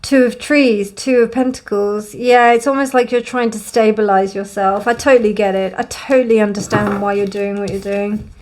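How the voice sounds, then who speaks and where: A young woman gives a casual, gently emotional tarot card reading in a warm, reassuring way. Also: mid-range voice, steady tone, moderate pace, hardly any pauses. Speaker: tarot reader.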